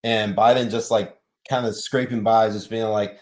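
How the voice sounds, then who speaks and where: A man hosting a casual political chat show, animated and laughing often as he reads out news stories. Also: on the low side, normal speed, hardly any pauses. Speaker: podcast host.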